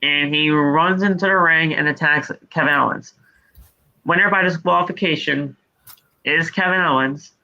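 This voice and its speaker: A man's voice: fairly high pitch, fairly even intonation, normal speed, pushed and bright, muffled recording. A man co-hosting a podcast, recapping wrestling in casual, profane play-by-play. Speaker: podcast co-host.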